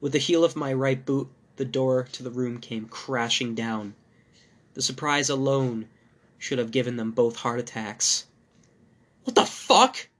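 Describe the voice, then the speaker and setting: A male podcast host narrating a first-person horror story in a measured, dark manner. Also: medium pitch, steady tone.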